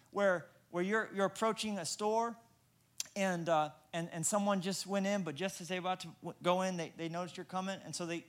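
A man, a pastor, who prays in a soft, hushed voice and then tells self-mocking stories of awkward moments, acting out the lines he quotes. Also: sits high. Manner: self-deprecating storyteller, acts out quoted lines. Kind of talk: sermon with humorous anecdotes.

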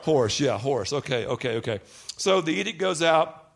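A man's voice: a little high, moderate pace, creaky. A middle-aged male pastor preaching a sermon, joking and speaking straight to the congregation. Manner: animated, joking, addresses the congregation directly.

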